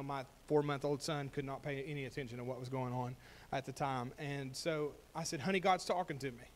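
Pastor guy preaching, high voice, tells stories then gets loud and emphatic. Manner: storytelling preacher, rising to emphatic swells. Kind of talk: sermon.

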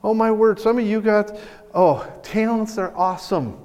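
A man preaching a sermon as pastor, animated and excitable, often stumbling and restarting as he speaks. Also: sits high, moderate pace, in a large hall. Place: church sanctuary.

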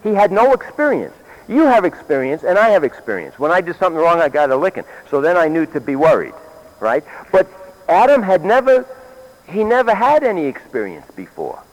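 A man's voice: high-pitched, very animated, brisk. An older man, a grandfather, preaching a sermon in a meeting hall, questioning his listeners and repeating key phrases.

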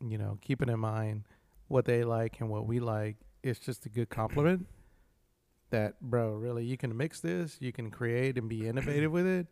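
Gravelly man joking on a podcast. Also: medium pitch, normal speed, darkish tone, dry recording. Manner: joking, laid-back, rambling. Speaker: guest from a spirits company. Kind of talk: casual podcast chat. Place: podcast studio.

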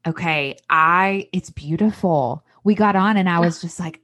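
A woman's voice: mid-range voice, expressive, normal speed, hardly any pauses. A woman with a Southern American accent hosting a faith podcast, gushing and effusive with her guest. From Tennessee, US. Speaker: podcast host.

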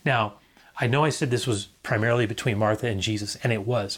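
A man's voice: mid-range voice, a bit bright. A middle-aged man preaching a sermon as a pastor, earnest, repeating key phrases and sometimes dropping almost to a whisper.

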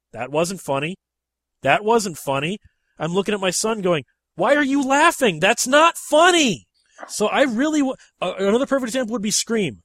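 A man with a somewhat high voice chats casually about movies, animated and emphatic. His pitch jumps up when he presses a point. The sound is close and dry, with no room around it. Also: dry recording.

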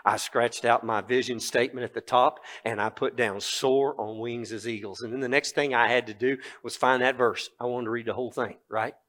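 Older pastor with a bright, forceful voice. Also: male voice, medium pitch, a little fast, few pauses. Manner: animated storytelling, then earnest scripture reading. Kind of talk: sermon.

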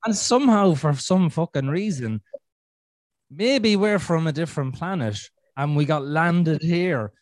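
A man's voice: a little high, lively intonation, measured pace, dry recording, studio quality. An Irish man hosting a podcast in casual chat, rambling with frequent restarts and swearing. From Ireland. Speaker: podcast host.

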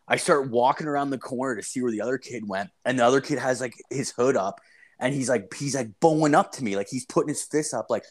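A man's voice: medium pitch, brisk. A young man telling a story in casual chat, swearing constantly and acting out the people he quotes. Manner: profane, animated, acts out quotes.

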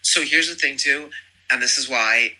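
A man's voice: mid-range voice, normal speed, sharp tone, poor audio. A man chatting casually as a podcast guest, rambling and gossipy with lots of fillers. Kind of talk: casual chat.

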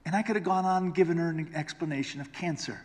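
Emphatic preacher in a reverberant hall. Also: male voice, a little high, quick pace. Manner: emphatic, swings from loud exclamations to hushed storytelling. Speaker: pastor. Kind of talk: sermon.

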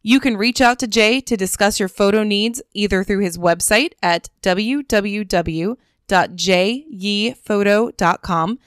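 A woman reading an upbeat sponsor spot on a podcast, slowly spelling out web addresses. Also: medium pitch, smooth, dry recording, studio quality. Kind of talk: read-out promo.

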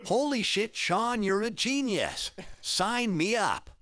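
A man doing a loud, high-voiced hothead dad. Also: sing-song, takes it slowly, no room sound, clean studio sound, full character voice. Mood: angry. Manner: yelling, insulting, bossy. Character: hot-tempered loud middle-aged dad. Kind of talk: comedy sketch acting.

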